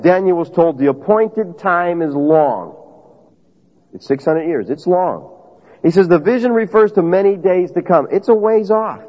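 A man preaching a sermon in an emphatic, conversational way, putting questions to his listeners. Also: sits high. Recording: dull lo-fi audio with long reverb.

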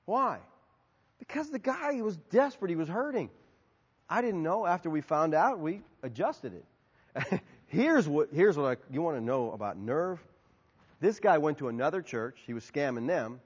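Animated husky-voiced pastor in a reverberant church hall. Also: male voice, on the high side, normal speed. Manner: animated storytelling, acting out both sides of dialogues. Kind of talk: sermon Q&A. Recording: dull sound, long hall reverb.

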